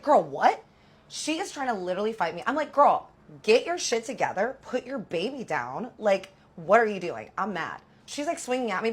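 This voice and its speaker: A woman in her thirties telling a dramatic personal story in casual storytime style, animated and full of fillers. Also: medium pitch, slightly rough.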